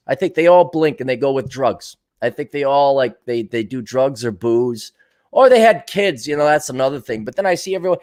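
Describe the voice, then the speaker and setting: A man's voice: on the high side, darkish tone. A man hosting his podcast alone, rambling and musing aloud in a sardonic way, slipping into little voices for his own thoughts. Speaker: podcast host. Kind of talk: rambling solo monologue.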